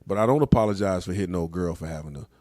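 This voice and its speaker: A man's voice: sits low, rapid-fire, a little mellow, no echo, clean studio sound. A middle-aged man hosting a casual chat show, talking loosely in slang and laughing often. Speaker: podcast host.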